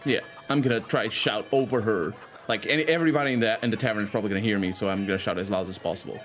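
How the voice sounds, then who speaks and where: A man's voice: on the low side, very fast, a bit bright, faint music behind. A man playing a tabletop role-playing game, laughing often and correcting himself. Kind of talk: casual game play.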